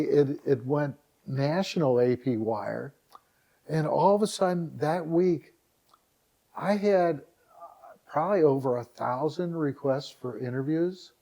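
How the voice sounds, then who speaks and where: Middle-aged man from Northeast Ohio, podcast guest, warm mellow voice, lively and chatty storyteller who acts out dialogue. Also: fairly high pitch. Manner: animated anecdote teller who acts out dialogue and keeps repeating "all of a sudden". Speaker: podcast guest, website founder. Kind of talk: casual storytelling interview.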